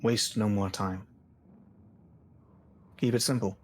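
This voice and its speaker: Guy doing a deep slow stiff god-lord, fatherly and formal, lower than his own voice. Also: steady tone, slight background noise.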